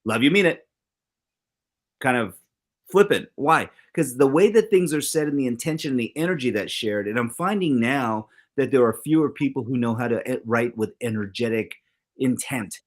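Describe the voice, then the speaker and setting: A middle-aged man co-hosts a talk show, chatting casually and with animation. He acts out quoted exchanges with big swings in his voice, which is medium-pitched and fairly quick.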